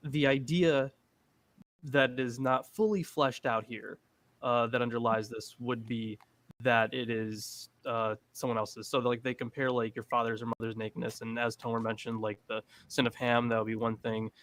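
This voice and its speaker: A man's voice: mid-range voice, level tone, normal speed, fairly bright tone, no echo. Hesitant man searching for words. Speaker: panel guest. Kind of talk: casual panel discussion.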